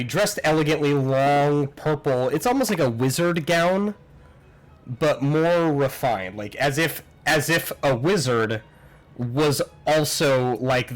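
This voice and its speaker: Man, game master, casual joking narration, laughs often, mid pitch. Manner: laughing, casual, swears a lot.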